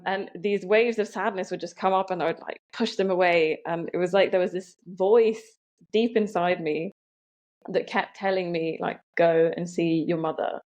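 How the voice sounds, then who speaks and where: Low, gravelly woman reflecting. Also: a little mellow. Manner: reflective, many "um" and "like" fillers. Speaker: podcast guest. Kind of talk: reflective personal storytelling.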